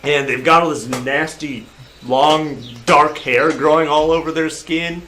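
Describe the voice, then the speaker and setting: A man narrating a tabletop game as game master, animated and laughing, breaking into loud crowd voices. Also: fairly high pitch, unhurried, a little hiss or hum.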